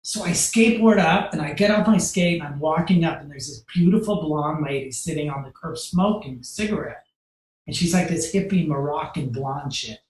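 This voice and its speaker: A man, a podcast guest, telling a story in casual, animated style, acting out quotes and swearing freely. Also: on the high side, moderate pace. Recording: roomy echo.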